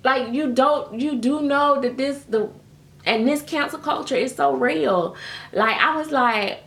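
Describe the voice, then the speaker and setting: A woman's voice: high voice, measured pace, vocal fry. A woman vlogger in a casual, chatty rant, telling stories with laughs and calling listeners baby. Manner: animated storytelling with frequent laughs and pet names like baby. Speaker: reborn doll vlogger.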